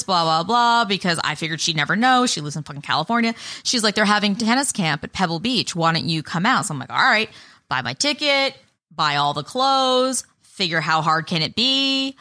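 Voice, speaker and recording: A woman's voice: medium pitch, pushed and bright, no room sound, clean studio sound. A woman co-hosting a podcast, telling a story in casual chat and swearing freely. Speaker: podcast co-host.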